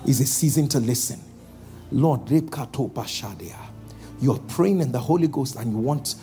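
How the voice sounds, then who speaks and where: A man preaching a sermon as pastor, calling out to the congregation and slowing down for emphatic lines. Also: medium pitch, animated, soft background music. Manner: calls out to the congregation, shifting between loud exhortation and slow emphatic lines.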